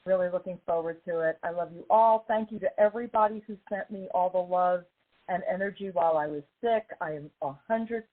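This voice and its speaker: A woman hosts a casual podcast chat, her voice slightly hoarse as she recovers from illness. She talks effusively and presses her points home. The sound is narrow and phone-like, as if over a call line. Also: fairly low pitch, fairly quick. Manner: warm, effusive, emphatic. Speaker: podcast host.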